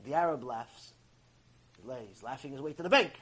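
A male religious teacher gives a storytelling lecture in a fairly high voice. He tells the tale in an animated way and slips into the voices of its characters. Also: moderate pace, slightly rough, rough recording.

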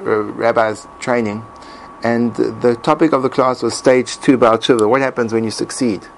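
A man and Torah teacher reading his own personal essay aloud in an earnest, emotive way with dramatic pauses. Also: medium pitch, steady tone, a little hiss or hum, low-quality recording.

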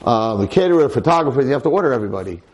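A man's voice: medium pitch, lively intonation, racing, highs cut off, close to an everyday voice. Man doing his secretary, anxious and in a hurry, basically his own voice. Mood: worried. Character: worried woman secretary reporting a problem.

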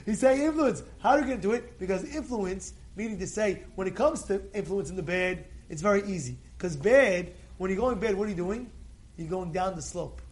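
An animated rabbi with a high voice teaches a casual Torah class to a live group at a fairly brisk pace. He shifts from soft asides to shouted exhortations, repeats himself often, and fills his speech with Hebrew blessings.

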